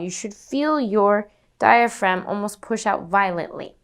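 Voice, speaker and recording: A young woman teaches singing with a smooth, resonant voice at a middling pitch. She explains each breathing exercise calmly and in order, then demonstrates it herself. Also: measured pace. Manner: instructive, demonstrates breathing and panted notes. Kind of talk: vocal lesson demonstration.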